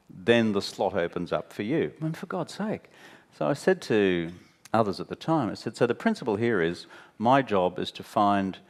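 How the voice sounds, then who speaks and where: A man in his fifties with an Australian accent, a guest on stage telling blunt, wry anecdotes and mimicking the people he quotes. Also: low voice. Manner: animated storyteller, mimics others, wry and blunt. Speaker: interview guest, former prime minister. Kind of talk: candid anecdotal conversation on stage. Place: stage at a talk venue.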